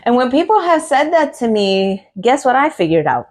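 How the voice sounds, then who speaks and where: A woman's voice: fairly high pitch, very animated, moderate pace, a little mellow. A middle-aged woman hosting a podcast, giving an earnest motivational monologue full of repeated phrases and rhetorical questions. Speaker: podcast host.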